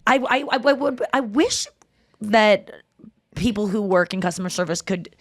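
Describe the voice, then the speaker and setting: A woman's voice: moderate pace, dry recording, studio quality. A woman hosting a podcast, telling stories in casual chat, acting out quotes and swearing freely. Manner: animated, acts out quotes in a higher voice. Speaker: podcast host.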